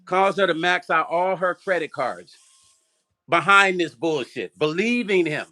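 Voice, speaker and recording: An older man hosting a vlog, telling a story straight to his viewers in an animated, profane way. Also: a little high, measured pace. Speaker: vlog host. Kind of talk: casual livestream storytelling.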